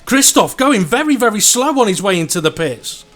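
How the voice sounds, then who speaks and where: High-voiced excitable race commentator. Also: male voice. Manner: excitable, quickens during close battles. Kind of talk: live sim racing commentary.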